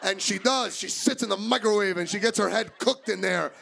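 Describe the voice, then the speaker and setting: A young man from doing stand-up comedy, animated and acting out voices. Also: sits high, a little fast, vocal fry. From Miami, USA.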